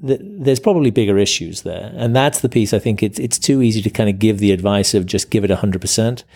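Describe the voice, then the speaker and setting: Man, middle-aged, low-pitched, mellow, halting, teasing, casual co-host chat. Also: animated, slightly rough. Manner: halting, restarts often, teasing. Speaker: podcast co-host. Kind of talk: casual married-couple chat.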